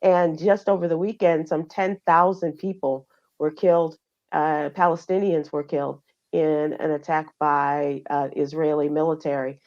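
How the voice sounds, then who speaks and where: A woman's voice: sits low, steady tone, a little mellow, lo-fi sound. A middle-aged woman hosting a radio show, going over the news in casual chat and talking with fillers and restarts. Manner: conversational, halting with fillers.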